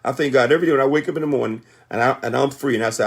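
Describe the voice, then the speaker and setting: A man in his sixties gives a motivational talk on a conference call, his medium-pitched, creaky voice rapid-fire, emphatic, and repetitive like a sermon.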